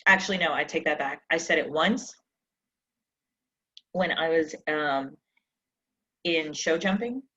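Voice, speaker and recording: A woman's voice: low-pitched, a little slow, long pauses, a bit bright, lo-fi sound. A woman success coach giving an emphatic motivational coaching session, full of rhetorical questions, over a live stream mic.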